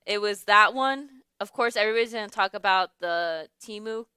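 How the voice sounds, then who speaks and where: A woman's voice: mid-range voice, moderate pace, bright, forceful tone, clear, resonant tone, dry recording. A young adult woman hosting a radio talk show in a studio, chatting casually, often laughing and searching for words. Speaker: radio host. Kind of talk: casual chat. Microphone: studio microphone.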